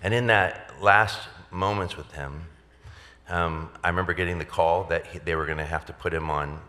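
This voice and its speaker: A man's voice: low voice, steady tone, normal speed, bright, forceful tone, long reverb tail. A man, a pastor, telling a personal story at a gala in a candid, conversational way with wry humor. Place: large event hall.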